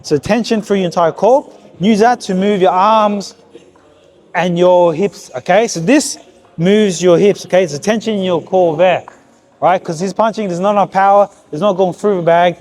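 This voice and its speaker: A man works as a boxing coach in a gym. His voice sits high for a man, and he keeps firing brisk, repeated cues to his fighter. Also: darkish tone. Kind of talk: hands-on coaching session. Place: boxing gym with heavy bag.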